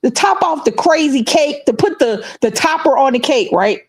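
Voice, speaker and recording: A middle-aged woman telling a story in casual chat, animated and laughing, acting out the other people's voices. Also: high-pitched, normal speed, dry recording. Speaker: podcast co-host.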